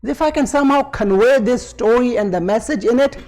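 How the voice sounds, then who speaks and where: A man's voice: very high voice, fairly quick, a little mellow, rough recording. A male preacher telling a story in a sermon, conversational and with frequent asides. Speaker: religious preacher.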